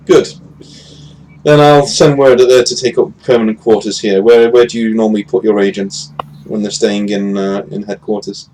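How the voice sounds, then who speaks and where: A man's voice: lowish voice, steady tone, moderate pace, warm tone, lightly acted, low-quality recording. A man voicing a weary, blunt military commander who talks business in a matter-of-fact way, with faint background noise. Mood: businesslike.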